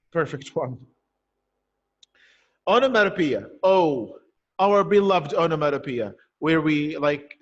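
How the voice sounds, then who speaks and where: A man's voice: a little high, muffled recording. A male teacher giving an online poetry lesson, explaining step by step and asking and answering his own questions. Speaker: primary school teacher.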